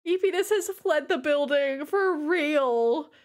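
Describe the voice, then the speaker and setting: A young woman live-streams a life-sim game, speaking slowly in a high-pitched voice. As she greets her chat, she keeps exclaiming and dissolving into helpless laughter.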